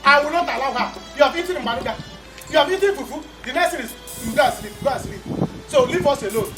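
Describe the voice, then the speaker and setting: With music behind her, a woman acts in a Nollywood film as a boastful, scheming bully tormenting her family. She speaks fast in a high, expressive voice, loud and repeating herself as she brags.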